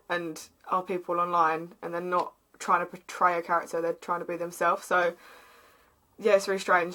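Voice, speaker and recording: A woman's voice: on the low side, a bit bright, poor audio. A woman with an Essex accent reading fan fiction aloud in a casual vlog, with chatty, sarcastic asides.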